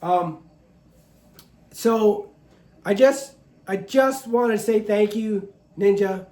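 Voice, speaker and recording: A man's voice: high-pitched, slow pace, darkish tone, echoey room. A man talking casually to camera as a farmer, speaking earnestly and openly about his feelings. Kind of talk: casual vlog talk to camera.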